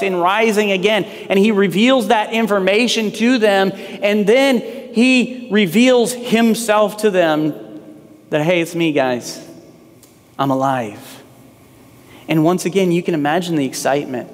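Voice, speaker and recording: A man's voice: high voice, in a large hall. A man preaching a sermon as pastor, in a conversational way that acts out quoted lines.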